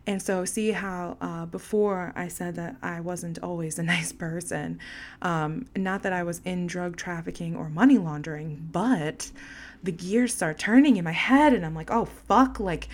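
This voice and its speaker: A young woman with a slightly low voice tells a personal story in loose, casual podcast style. She is blunt and swears often. She pokes fun at herself as she goes. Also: a little slow, darkish tone. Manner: frank and profane, laughing at herself.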